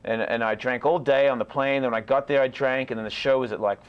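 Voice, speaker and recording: A man's voice: mid-range voice, fairly even intonation, fast talker, smooth, muffled recording. A man telling a wild anecdote in a casual, profane way, often laughing as he goes.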